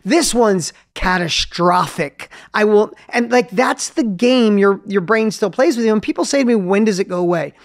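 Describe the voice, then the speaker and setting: Energetic man in his fifties, coaching. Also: high voice, fairly quick, few pauses, no echo, clean studio sound. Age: 50s. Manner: energetic, coaching, acts out inner voices. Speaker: podcast host. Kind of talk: motivational conversation.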